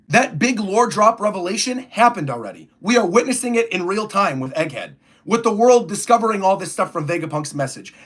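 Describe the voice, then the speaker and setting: A man's voice: high-pitched, fairly bright tone. A young man chatting casually on a livestream, rambling through his thoughts and reading viewer comments aloud. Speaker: streamer reacting to a comic chapter.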